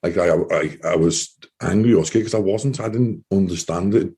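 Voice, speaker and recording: A man, an interview guest and former soldier, telling his own story in a halting way and acting out past exchanges in quotes. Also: deep voice, warm tone, breathy edge. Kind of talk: personal storytelling in conversation.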